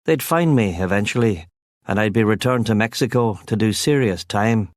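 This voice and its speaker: A man's voice: lowish voice, moderate pace, no echo. A man narrating a first-person crime novel as an audiobook, with a wry, sardonic delivery on a close studio mic.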